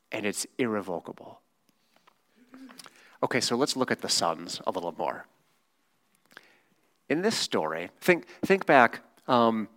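Guy giving a sermon, talks like a normal conversation, leans hard on his points, keeps saying "right?". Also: medium pitch. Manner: emphatic and informal, with rhetorical questions. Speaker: preacher.

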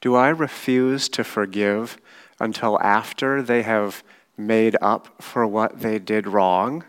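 Slow, low-voiced man preaching a sermon. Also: fairly even intonation. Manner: slow, measured teaching with frequent "right?" checks. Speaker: pastor.

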